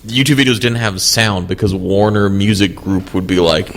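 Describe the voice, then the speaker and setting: Low-voiced man rambling in a podcast. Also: steady tone, normal speed, background noise. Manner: rambling, profane, many restarts. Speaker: podcast co-host. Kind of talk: casual chat.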